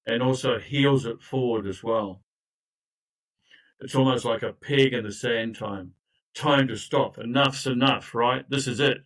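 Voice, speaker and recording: A man's voice: mid-range voice, measured pace, a bit bright, low-quality recording. An older man, a recovery coach telling his own story in an earnest, emphatic way with frequent restarts and asides. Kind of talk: personal storytelling in conversation.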